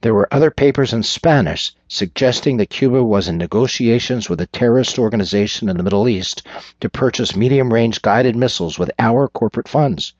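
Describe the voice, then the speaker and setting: A man's voice: medium pitch, fairly quick, a little mellow, dry recording, lightly acted. A man voicing a furious wealthy father who blusters and swears at his daughter. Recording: dull lo-fi recording.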